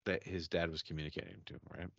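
Deep-voiced man telling a story, swearing freely. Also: fast talker, vocal fry, dry recording, lo-fi sound. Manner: profane, animated storyteller. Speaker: podcast host. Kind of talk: casual drinking-session chat and storytelling.

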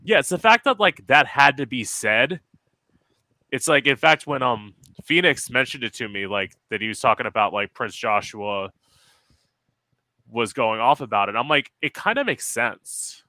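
A man hosting a casual interview, relaxed and agreeable, swearing casually. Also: medium pitch, moderate pace, no room sound. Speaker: host.

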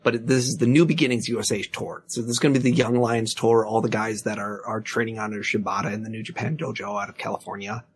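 A man's voice: on the low side, steady tone, fast talker, few pauses, slight background noise. A man hosting a podcast in casual chat, his voice grainy as it recovers, rambling with many fillers. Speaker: podcast host.

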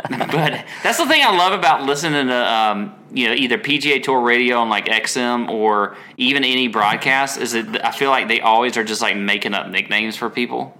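A man's voice: on the low side, sharp tone. A man co-hosting a podcast, chatting casually with lots of ums and restarts. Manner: rambling, frequent ums and restarts. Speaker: podcast co-host.

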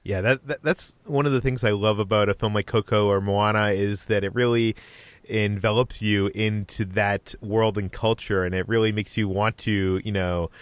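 A man's voice: fairly low pitch, fairly even intonation, normal speed, clear, resonant tone, no room sound. A man from Boston hosting a podcast, reading listener mail in casual chat and stumbling over many fillers and restarts. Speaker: podcast host.

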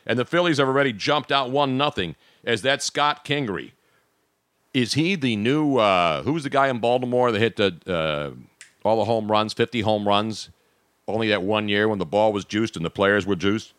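A man's voice: lowish voice, normal speed, a bit bright, clean tone, no echo, studio quality. A man hosting a casual sports talk show, joking and rambling between topics.

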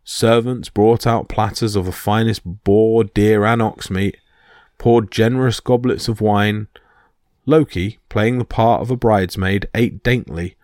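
A man hosting a podcast, reading a myth as steady scripted storytelling. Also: lowish voice, dry recording, studio quality. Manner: steady reading with small slips. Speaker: podcast host and narrator.

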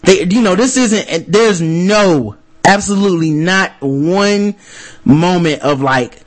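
A man's voice: sits high, slow pace. A man co-hosting a podcast in casual chat, telling loose, profane stories that he animates with mock voices. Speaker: podcast co-host.

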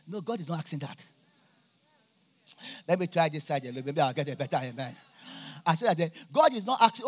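A man preaching a sermon at a church campmeeting, jovial and laughing often, now and then bursting into shouts. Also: fairly high pitch, expressive, a little fast, long pauses. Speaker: pastor.

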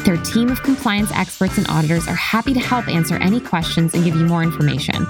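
A woman reading a scripted sponsor ad in a smooth, polished way. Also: lowish voice, expressive, quick pace. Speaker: ad reader. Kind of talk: scripted ad read. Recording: ad read over music.

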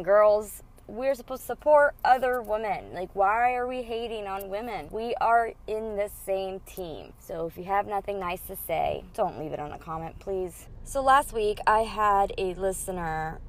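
A woman in her thirties hosting a solo podcast, telling stories in a blunt, profane, animated way and quoting other people. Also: mid-range voice, measured pace, few pauses. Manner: blunt, profane, animated retelling with quoted voices. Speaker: podcast host. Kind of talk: casual solo podcast storytelling.

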